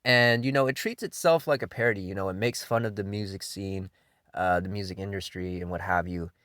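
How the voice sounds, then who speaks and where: A man with a lowish voice talks through an anime countdown as casual spoken commentary. He sounds laid-back and enthusiastic, swears freely, and leans on fillers like um and you know. The sound is dry and close, with no room echo. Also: brisk, fairly bright tone. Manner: loose delivery full of fillers like um and you know. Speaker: anime reviewer hosting a countdown list.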